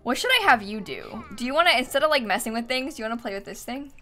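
A young woman streams herself playing a game, chatting casually and giggling often. Her voice is on the high side, bright and forceful, and she talks animatedly at a racing pace.

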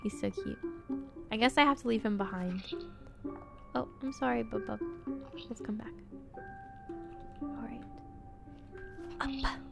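A young woman streaming a horror game, chatting playfully and cooing to an in-game companion, swinging from quiet muttering to excited squeals. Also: a little high, unhurried, vocal fry, pauses often, music in the background. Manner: playful, talks baby-talk to a game companion. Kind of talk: casual gameplay commentary.

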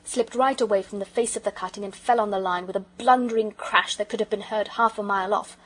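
A woman narrates a children's audiobook with a calm, gentle, measured telling. Her voice is middle-pitched, husky and breathy. The recording sounds rough.

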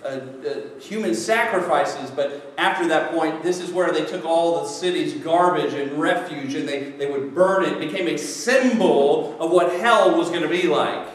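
A man's voice: on the high side, normal speed, hardly any pauses. A man preaching a sermon as pastor, conversational and jokey, acting out people's excuses. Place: church sanctuary. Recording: echoey church hall from far off.

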